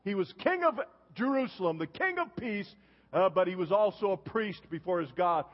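A man's voice: sits high, lively intonation, moderate pace. A man in his seventies preaching a sermon as pastor, telling stories and punctuating them with a questioning "huh?". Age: 70s. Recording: dull long reverb of a church hall.

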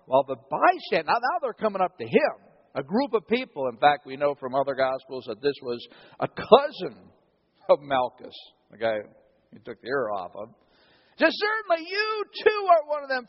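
A male pastor preaching with a high voice that swings widely up and down. He tells the story dramatically and acts out each quote. The recording is dull and lo-fi. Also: slightly rough. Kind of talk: sermon.

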